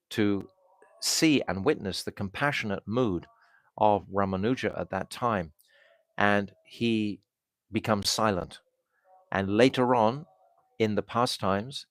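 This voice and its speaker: Low-voiced man telling a devotional story. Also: no echo. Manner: halting, with restarts and fillers. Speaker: swami giving a spiritual talk. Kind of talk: storytelling sermon.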